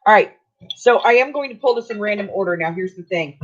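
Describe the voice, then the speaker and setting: A woman's voice: medium pitch, lively intonation, fast. A middle-aged woman, chatting casually while crafting on a livestream, teasing and laughing often. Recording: dull lo-fi stream audio.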